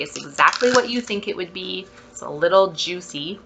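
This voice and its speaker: A woman vlogger giving a casual product review, gushing with drawn-out exclamations and soft whispered asides. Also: on the low side, expressive, gravelly, a little hiss or hum.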